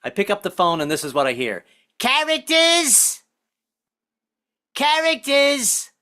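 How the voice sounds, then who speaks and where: Casting: lively male stand-up comic, bright and animated, quick to act out voices. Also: a little high. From Southern United States family. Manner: animated, acts out voices, self-deprecating. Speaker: stand-up comedian. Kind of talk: stand-up comedy set. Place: online virtual comedy show.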